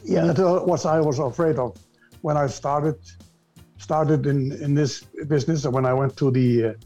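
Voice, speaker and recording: Older Icelandic man, halting English. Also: fairly high pitch, dark tone, muffled recording, faint music behind. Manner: halting, repeats words while searching for English. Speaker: guest actor. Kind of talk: casual interview chat.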